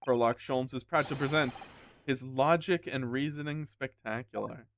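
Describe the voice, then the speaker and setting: A man reading aloud the lines of a pompous, eccentric gentleman detective in a game, in a grandiose, theatrical manner. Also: mid-range voice, normal speed, faint music behind, natural voice.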